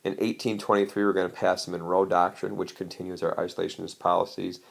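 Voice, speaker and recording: A man's voice: deep voice, level tone, quick pace, gravelly. A man teaching a history lesson in a casual, chatty way, explaining slides with frequent asides. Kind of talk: recorded lecture over slides.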